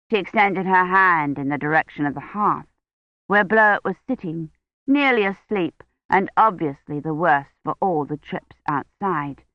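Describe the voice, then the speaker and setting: A woman narrating an audiobook in a measured, steady way. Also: fairly low pitch, no echo, dull audio. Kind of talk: scripted narration.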